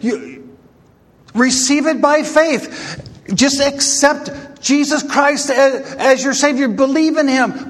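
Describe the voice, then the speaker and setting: With an extremely high pitch and a slow delivery, a man preaches to his congregation as their pastor. The sermon is emphatic and full of rhetorical questions, and long reverb fills the hall.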